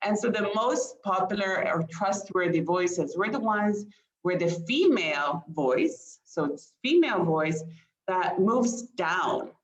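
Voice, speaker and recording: A woman with a fairly low, lively voice speaks slowly as a communication expert presenting a webinar, drawing her audience in with questions and light laughter. The recording sounds roomy, dull and lo-fi.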